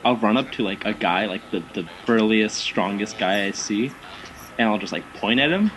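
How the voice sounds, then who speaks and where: Man telling animated stories in casual chat. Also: on the low side, normal speed, a little hiss or hum, low-quality recording. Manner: animated anecdotes with acted quotes, frequent fillers. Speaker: guest, haunted house actor.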